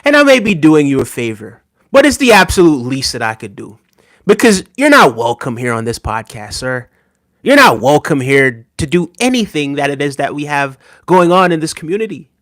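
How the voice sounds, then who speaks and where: Slightly high-voiced casual male podcaster. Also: very animated, normal speed, a bit bright. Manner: conversational, teasing, frequent "right?" asides, chuckling. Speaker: podcast host reading live chat. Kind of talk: casual livestream talk.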